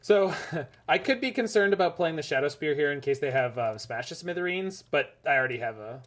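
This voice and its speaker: A man casually commenting on his own card game matches, chatty and jokey, swinging between enthusiastic bursts and low mutters. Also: lively intonation, brisk, fairly bright tone. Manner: chatty, rambling, jokey, laughs often. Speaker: gaming streamer.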